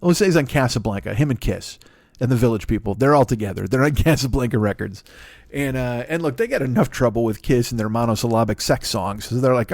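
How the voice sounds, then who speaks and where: A man's voice: mid-range voice, quick pace, a little mellow, no room sound, studio quality. Profane rambling middle-aged male comedian. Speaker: comedian podcast host. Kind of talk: stand-up style monologue.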